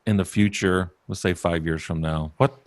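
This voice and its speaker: Relaxed low-voiced male podcast host. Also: normal speed. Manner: relaxed, joking, rambling questions. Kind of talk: casual podcast interview.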